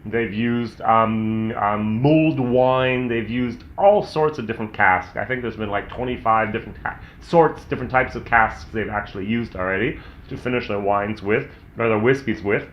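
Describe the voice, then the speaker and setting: A man's voice: on the low side, moderate pace. Chatty American man reviewing whisky. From United States. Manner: chatty and candid, thinking aloud. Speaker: whisky reviewer, channel host. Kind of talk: casual tasting review. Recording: roomy, slightly dull sound.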